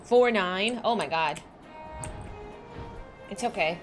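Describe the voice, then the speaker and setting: A young woman livestreaming a game, chatting away in a loose, rambling way with plenty of likes and false starts. Her voice sits at an average middle pitch. Soft music plays underneath. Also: slow. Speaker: streamer. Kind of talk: casual chat while livestreaming a game.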